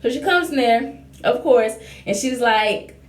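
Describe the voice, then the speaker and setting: A young woman with a slightly high voice tells a personal story in a relaxed, chatty way. She brings the tale to life by acting out what other people said. Her voice echoes off the walls of a roomy space. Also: measured pace. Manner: lively storyteller, acts out quoted dialogue. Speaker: vlogger. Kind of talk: casual storytelling. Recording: roomy echo.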